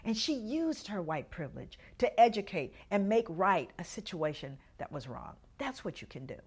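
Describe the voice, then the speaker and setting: A woman's voice: mid-range voice, normal speed, husky. A middle-aged woman telling a personal story, acting out the voices of the people in it. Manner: animated storyteller acting out others' lines. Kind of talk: storytelling talk.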